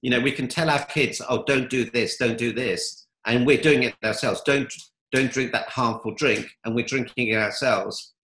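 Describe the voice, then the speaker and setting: A man's voice: mid-range voice, steady tone, moderate pace, a bit bright, reverberant, slight background noise, low-quality recording. A man giving upbeat motivational answers in an interview, telling stories. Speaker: guest, coach.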